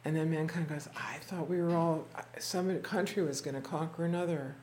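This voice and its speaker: A thoughtful teacher recounts stories to a small group, taking on the voices of the characters as the tale goes on. Speaking slowly and reflectively at a medium pitch, with a steady, darkish tone, he often halts, restarts, and repeats words. A faint room hum lingers in the background.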